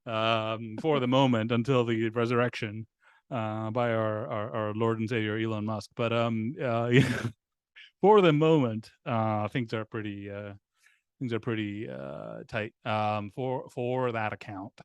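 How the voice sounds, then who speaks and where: Halting, laughing man in casual talk. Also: on the low side, steady tone, clear, resonant tone, no room sound. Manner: halting, many restarts and fillers, laughs often. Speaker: podcast guest. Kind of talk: casual conversation.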